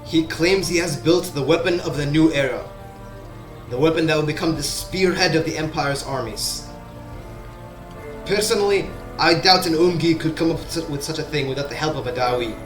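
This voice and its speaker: A proud, guarded dwarf engineer played by a man speaks in a fairly high voice. His questions are measured and probing, and they ring out in a roomy, echoing space. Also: over music, close to an everyday voice. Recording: echoey room sound.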